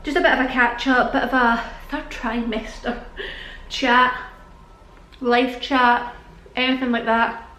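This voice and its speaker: A woman's voice: on the high side, little pitch movement, unhurried, bright, forceful tone. A young British woman chatting casually to camera, out of breath and rambling, laughing often. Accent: British English. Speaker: vlogger. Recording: echoey room.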